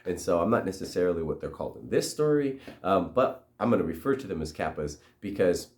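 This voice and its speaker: A man's voice: sits low, sing-song, a little fast, a little mellow. A man telling a story in a loose, conversational way. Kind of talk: casual oral storytelling. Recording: roomy echo.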